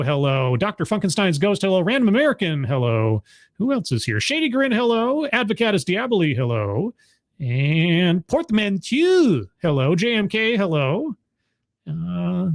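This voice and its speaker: Lively-voiced man hosting a livestream. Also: mid-range voice, no room sound, studio quality. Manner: rambling, warm greetings to chat with many fillers. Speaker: livestream host. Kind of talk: casual livestream chat.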